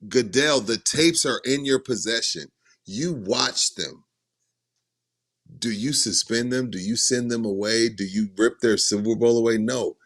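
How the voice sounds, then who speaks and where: A man's voice: mid-range voice, a little slow, a bit bright. A man co-hosting a casual sports podcast from a studio, arguing his points emphatically and telling stories to make them. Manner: emphatic, argumentative storyteller. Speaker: podcast co-host.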